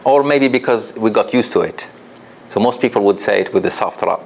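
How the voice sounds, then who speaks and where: A man leads a classroom lesson in a low, gravelly voice. He talks patiently, repeating each example slowly and putting questions to his students. A faint hum sits under the recording. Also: darkish tone. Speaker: Quran recitation teacher.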